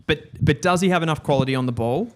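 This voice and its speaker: A man's voice: fairly high pitch, quick pace. An Australian man hosting a casual footy watch-along, chatting and calling the play. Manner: chatty, calls the play as it happens. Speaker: host.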